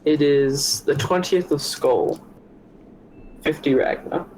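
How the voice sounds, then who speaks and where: Higher-voiced man chatting at a game table. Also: slow, a little mellow, slight background noise, poor audio. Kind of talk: casual chat and character description.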